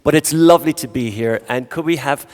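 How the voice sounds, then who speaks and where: An Irish man moderates a conference panel from the stage, joking and chatting with the audience. His voice sits at an ordinary middle pitch. A long hall reverb trails each phrase. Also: fairly quick, darkish tone. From Ireland. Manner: jokey, chatty, works the crowd.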